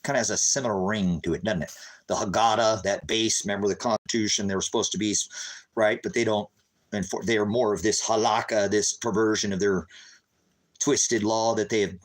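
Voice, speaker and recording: A man delivering an impassioned, agitated monologue to his viewers, calling them brothers and sisters, sometimes rising to a loud, high-pitched telling. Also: fairly even intonation, a little fast, rough recording. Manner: grows loud and high when recounting the raid. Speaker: street preacher vlogger.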